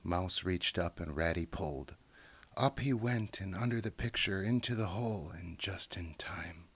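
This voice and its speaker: A man narrating a children's read-along storybook in a slow, hushed storytelling delivery. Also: sits low, husky. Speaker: storybook reader.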